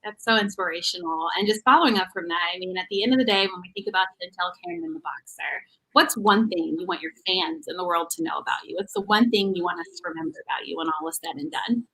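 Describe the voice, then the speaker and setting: A woman hosting a sports talk show, her voice bright and forward. She talks quickly and gushes encouragement at her guest. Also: fairly low pitch, animated, gravelly, husky, rough recording. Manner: effusive, encouraging. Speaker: host.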